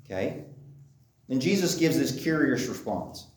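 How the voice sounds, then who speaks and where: A man's voice: mid-range voice, animated, unhurried, a little mellow, a little hiss or hum. A man preaching a sermon in a conversational way, often repeating phrases for emphasis. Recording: echoey room, mic at a distance.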